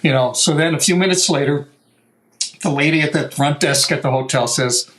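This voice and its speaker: An older American man, a guitar maker, telling a story in a lively, casual way, swearing now and then and acting out what people said. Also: a little high, normal speed, low-quality recording. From United States. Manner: animated, swears, acts out quotes. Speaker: guest luthier.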